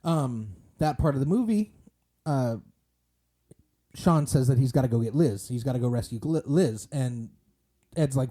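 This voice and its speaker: Male podcast co-host, deep-toned and mellow, chatty and rambling. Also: animated, moderate pace. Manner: rambling, many fillers and restarts. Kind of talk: casual movie discussion.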